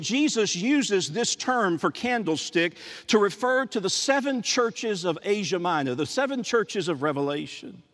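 High-voiced preaching man in a reverberant hall. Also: a bit bright. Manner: emphatic preaching with repetitions and dramatic drops to near whisper. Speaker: pastor. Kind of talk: sermon.

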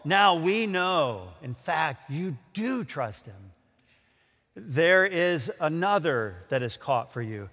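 A man preaching with an impassioned, dramatic delivery, his high voice sweeping up and down and often stumbling into stammered restarts. His tone is bright, and every phrase trails off into the long reverb of a large hall. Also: big pitch swings, slow pace. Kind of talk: sermon.

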